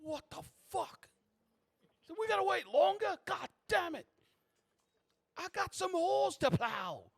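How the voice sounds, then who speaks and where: A man voicing an angry, filthy male tramp who shouts indignant complaints. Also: very high-pitched, sing-song, measured pace, vocal fry, pauses often, dry recording, voice pushed up, full character voice.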